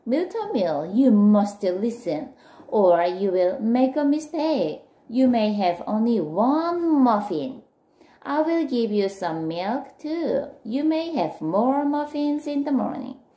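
A woman voicing a gentle but firm storybook mother who patiently instructs her son. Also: fairly high pitch, sing-song, takes it slowly. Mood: gently firm. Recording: echoey room with faint noise.

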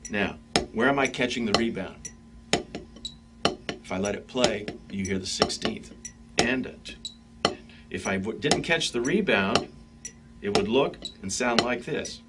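A man teaching drum stick technique in a relaxed, conversational way, talking straight to his students between demonstrations. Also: on the low side, unhurried, pauses often. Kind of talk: instructional demonstration. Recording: practice pad clicks and noise behind.

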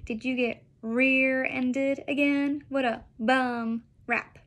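A woman reading aloud, voicing a father who puts on a fake high old lady voice in a silly, mock-formal way. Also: steady tone, slow, fairly bright tone. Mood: playful.

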